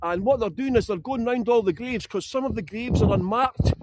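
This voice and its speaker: A man's voice: extremely high pitch, a little fast, a little mellow, dry recording. A Scottish man leading a live walking tour outdoors in a graveyard, chatty and joking. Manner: chatty and joking, laughs often. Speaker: tour guide.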